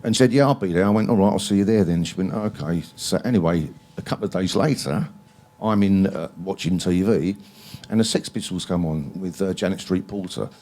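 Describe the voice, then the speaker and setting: A very low-pitched man, spinning rambling stories as an interview guest. He swears freely, fills gaps with ums and uhs, and talks as though to a live audience at a library event. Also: fairly quick, mellow. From England.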